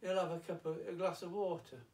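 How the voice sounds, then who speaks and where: A man's voice: high voice, level tone, brisk, darkish tone, voice pushed up, lightly acted. A man voicing a fussy, snobbish aunt who talks in a prim, disapproving way, a little hesitant. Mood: flustered. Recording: roomy, distant, faint piano.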